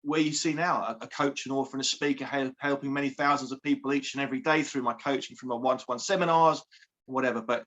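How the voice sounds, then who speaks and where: A man's voice: medium pitch, fairly even intonation, quick pace, a bit bright, dull audio. A man, a coach and author talking about himself in an upbeat, effusive interview manner. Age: 40s. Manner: effusive, repeats words, friendly and chatty. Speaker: guest, empowerment coach and author.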